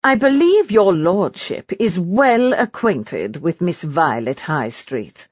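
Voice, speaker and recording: A woman's voice: fairly low pitch, sing-song, takes it slowly, no echo, lo-fi sound, heavily acted. A woman voicing a stiff, disapproving male butler in an audiobook, speaking formally. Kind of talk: audiobook character reading.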